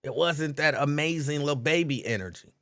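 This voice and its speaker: A man's voice: fairly high pitch, normal speed. Laid-back man greeting his live viewers. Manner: relaxed, chatty, laughs easily, reads out chat names. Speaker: host of a live call-in stream. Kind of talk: casual live-stream chat, greeting viewers.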